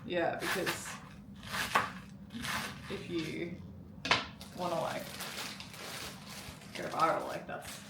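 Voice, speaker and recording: Young woman vlogging at home, low gravelly voice, roomy echo, lots of noise behind her. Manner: chatty, wry, talks fast with many likes. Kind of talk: casual chat. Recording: echoey room, far mic, loud noise.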